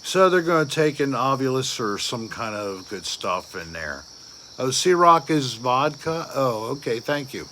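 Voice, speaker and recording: A man's voice: medium pitch, sing-song, a little slow, sharp tone, a little hiss or hum. A man hosting a casual late-night livestream, rambling and answering viewer comments aloud. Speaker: livestream host reading viewer chat.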